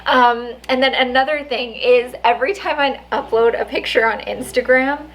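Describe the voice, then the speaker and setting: A woman's voice: high voice, fairly even intonation, moderate pace, slight background noise, poor audio. A woman vlogger telling a story in a chatty way, laughing often and saying "like" a lot. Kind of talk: casual storytelling vlog.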